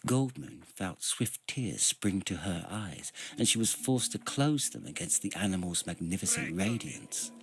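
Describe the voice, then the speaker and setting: Slow, low-voiced male storyteller. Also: lively intonation. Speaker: reader. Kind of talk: reading a fantasy novel aloud. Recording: music behind.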